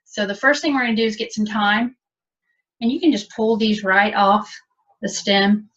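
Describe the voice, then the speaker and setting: A woman's voice: mid-range voice, moderate pace, fairly bright tone. Woman walking thru a recipe, chatty, kinda far from the mic, dull lo-fi sound. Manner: chatty, step-by-step explaining. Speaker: cooking instructor. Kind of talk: cooking demonstration. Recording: dull lo-fi audio from a distance.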